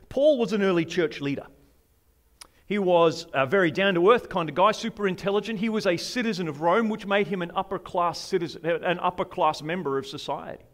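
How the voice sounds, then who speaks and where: Male preacher, high voice, jokey and conversational, throws questions at the congregation. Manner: humorous, conversational, asks the audience questions. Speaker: pastor. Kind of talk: sermon.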